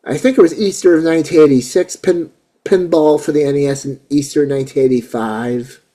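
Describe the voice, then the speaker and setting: A man in his forties hosting a casual chat show, excitable and rambling, often repeating himself. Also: fairly high pitch, brisk. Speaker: host.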